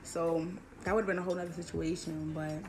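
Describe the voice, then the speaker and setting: Gravelly-voiced young woman telling a storytime. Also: lowish voice, level tone, brisk. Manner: emphatic, slangy, repeats points for effect. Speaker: vlogger. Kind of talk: storytime vlog.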